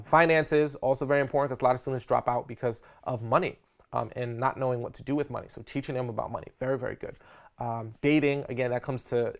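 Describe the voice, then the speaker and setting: A man teaching a live seminar on public speaking, energetic and slangy, often checking in with his audience. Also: mid-range voice. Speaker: speaker coach.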